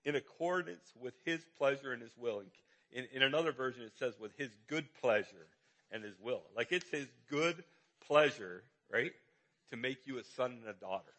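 A man's voice: mid-range voice, lively intonation, normal speed. Man preaching a casual, repetitive sermon. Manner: conversational, warm-hearted preaching with repetition. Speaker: pastor.

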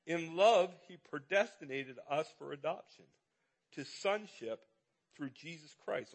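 A middle-aged man, a pastor, preaching a conversational sermon with lots of repetition and rhetorical questions. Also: a little high.

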